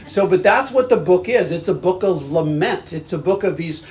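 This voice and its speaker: Male pastor, high voice, earnest conversational sermon delivery. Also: lively intonation, normal speed, a little mellow. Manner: conversational, earnest, with frequent restarts.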